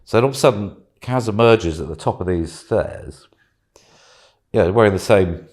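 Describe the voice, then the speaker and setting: A British man chatting casually, telling an animated anecdote and acting out voices. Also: on the low side, normal speed. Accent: British English. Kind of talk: casual storytelling chat.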